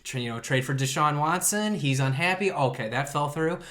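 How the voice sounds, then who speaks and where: A man's voice: on the high side, moderate pace, a bit bright. A man co-hosting a casual podcast, ranting sarcastically and laughing often. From Chicago area. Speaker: podcast co-host. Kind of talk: casual chat.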